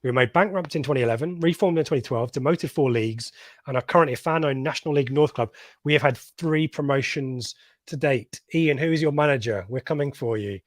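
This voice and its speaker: A man's voice: mid-range voice, fast, no room sound, clean studio sound. A man from England hosting a live fan podcast, reading out viewer comments with jokey asides. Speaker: podcast host. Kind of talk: live reaction stream chat.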